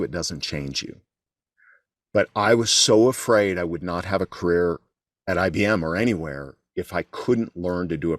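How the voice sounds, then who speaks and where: With frequent restarts, this middle-aged guest and keynote speaker shares a candid, self-deprecating story from his own life on an interview show. He has a low voice, captured in clean studio sound with no room noise.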